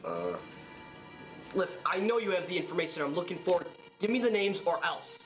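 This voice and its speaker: Man playing a grim bereaved dad, blunt demands, voice swinging high and low, faint music under. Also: huge pitch swings, brisk, fairly bright tone, heavily acted. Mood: stern. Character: grieving father hunting his daughter's killers, stern. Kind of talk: parody sketch acting.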